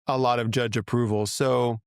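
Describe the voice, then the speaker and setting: Casting: middle-aged man, smooth clear voice, dry close sound, earnest and chatty guest. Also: medium pitch, little pitch movement, moderate pace, dry recording. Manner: earnest, chatty, laughs easily. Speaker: podcast guest. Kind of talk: casual interview conversation.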